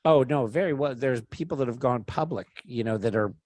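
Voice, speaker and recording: Guy telling a story, swears a lot, gets loud doing the voices, mid pitch, dry close mic. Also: brisk, dry recording. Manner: animated, swears freely, acts out quotes loudly. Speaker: podcast storyteller. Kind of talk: casual storytelling chat.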